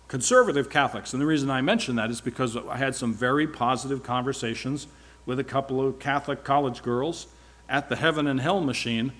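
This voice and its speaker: A man's voice: medium pitch, fairly bright tone. A man speaking at church, giving a rambling, informal sermon-style report with wry asides.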